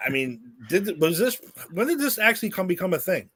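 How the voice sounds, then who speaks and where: A man's voice: sits high, very animated, a little fast, breathy edge. A man co-hosting a podcast in casual chat, rambling with frequent laughter and restarts. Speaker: podcast co-host.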